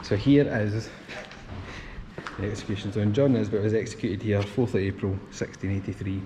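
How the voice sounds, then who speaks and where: A man with a Scottish accent giving a casual walking tour outdoors in a town centre, chatty and jokey, reading facts aloud in a quiet voice. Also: on the low side, moderate pace. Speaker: streamer on a guided town walk. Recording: outdoor street noise, traffic.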